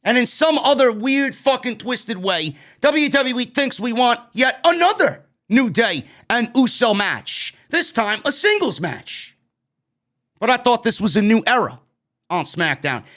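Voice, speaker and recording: A man's voice: very high voice, expressive, unhurried, a bit bright. Sweary, exasperated New York man ranting. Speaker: wrestling show reviewer. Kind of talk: profane ranting commentary.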